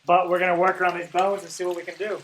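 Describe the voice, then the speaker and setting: Vlog host, man, quick casual talker, slightly high pitch. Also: little pitch movement, a bit bright, a little hiss or hum. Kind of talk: casual chat.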